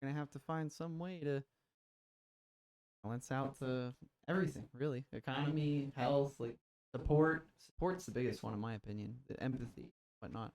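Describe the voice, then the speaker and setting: A man's voice: mid-range voice, moderate pace, a little mellow. A young man hosting a casual podcast, laid-back and filling his talk with "like" and "dude". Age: young adult. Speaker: podcast host. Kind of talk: casual chat. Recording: roomy echo from the mic.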